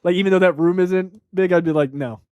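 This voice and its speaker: A podcast host, a man with a noticeably high voice, chats in a loose, profane way, full of "like" and "um". He's close on a dry mic, with no room around him. His storytelling is animated and casual. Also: fast, smooth, no echo, highs cut off. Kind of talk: casual chat.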